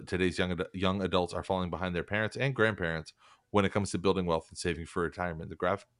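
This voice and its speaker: A man's voice: low-pitched, fairly bright tone, no echo, studio quality. A man hosting a casual podcast chat, rambling and sardonic, swearing freely as he reads from and mocks an article.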